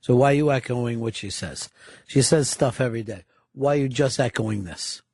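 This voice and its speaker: A man's voice: mid-range voice, normal speed, creaky, a little mellow, slight background noise. Teasing male radio host. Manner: teasing, needling. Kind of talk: casual studio banter. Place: radio studio.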